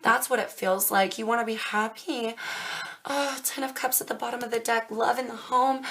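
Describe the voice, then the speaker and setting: A young woman doing a casual tarot reading to camera, emphatic and quick to swear as she talks straight to her viewers. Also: fairly high pitch. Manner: emphatic, swears freely, speaks directly to viewers. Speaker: tarot reader.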